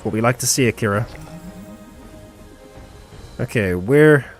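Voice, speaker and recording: A man's voice: medium pitch, lively intonation, unhurried, faint music behind. A man streaming a game live, commentating and cheering on his companion.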